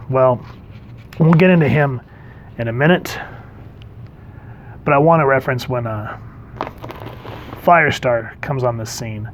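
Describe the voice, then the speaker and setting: Animated man reviewing comics. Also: medium pitch, slight background noise. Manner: animated, acts out comic dialogue in quick voices. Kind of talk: casual review chat.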